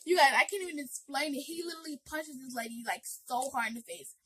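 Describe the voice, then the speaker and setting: A woman's voice: sits high, fast talker, fairly bright tone, poor audio. A woman vlogger telling an emotional storytime, speaking earnestly and directly to her viewers with lots of fillers.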